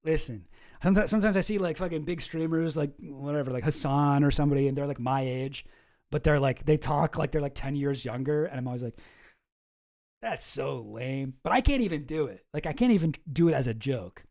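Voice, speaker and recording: A man hosting a loose commentary stream, wandering through his points with self-deprecating asides and frequent swearing. His voice sits a little high but sounds mellow and soft. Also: fast talker. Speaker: streamer host.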